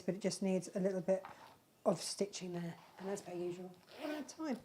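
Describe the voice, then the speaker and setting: A chatty woman hosts a casual live craft stream, rambling warmly about her handmade pieces. Her voice sits at an ordinary middle pitch. A faint hiss of background noise sits under her voice. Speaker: craft channel host.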